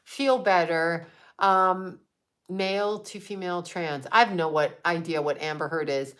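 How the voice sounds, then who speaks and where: A woman's voice: on the low side, steady tone, unhurried, a bit bright. A middle-aged woman talks straight to her livestream viewers in a loose, conversational way. She is blunt and swears freely as she answers their comments. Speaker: psychic livestream host. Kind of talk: casual livestream chat reading comments.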